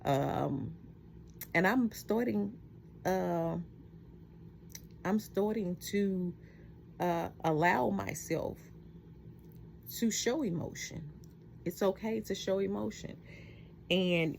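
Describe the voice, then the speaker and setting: A middle-aged woman talking heartfelt and reflective in a personal vlog at home at night, halting often with fillers. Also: lowish voice, gravelly, darkish tone, slight background noise. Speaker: vlogger.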